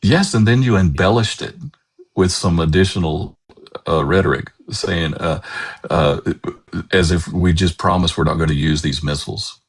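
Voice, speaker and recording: A man with a very deep, gravelly voice and a husky edge. He argues politics as a caller on a live stream, stumbling over fillers yet holding firm. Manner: halting, many fillers, firm opinions. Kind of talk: casual political debate.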